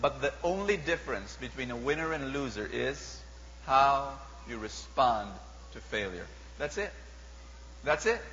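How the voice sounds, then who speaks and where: A man with a Filipino accent preaching a sermon, animated and mixing languages, asking the crowd rhetorical questions. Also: medium pitch, a little slow. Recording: dull lo-fi sound with long hall reverb and faint hum.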